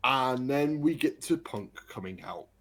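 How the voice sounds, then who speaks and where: A man, a podcast co-host telling an excited story in casual chat. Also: medium pitch, measured pace. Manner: excited storytelling, animated retelling.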